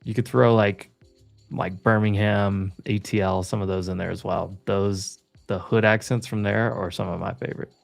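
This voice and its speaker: Young dude, low gravelly voice, keeps restarting his sentences, faint music underneath. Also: normal speed. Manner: relaxed, stumbles over words, repeats himself. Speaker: co-host. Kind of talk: casual chat.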